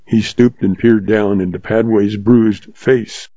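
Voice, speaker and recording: Brief: male audiobook narrator, husky and dry, dramatic western read. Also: on the low side, steady tone, measured pace, warm tone, dry recording. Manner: dramatic storytelling. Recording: dull lo-fi recording.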